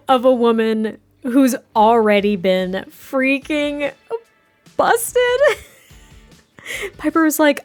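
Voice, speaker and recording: A woman's voice: sits high, very animated, extremely slow, long pauses, soft background music. A young woman gaming creator giving casual, rambling commentary, chatty and giggly with lots of fillers.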